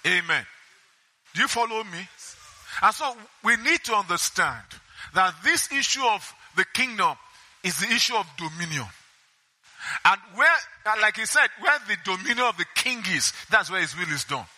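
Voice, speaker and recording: Bright-voiced preacher in an echoey hall. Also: male voice, high-pitched, sing-song, moderate pace. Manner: call-and-response questions to the congregation; reads scripture aloud between remarks. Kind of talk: sermon.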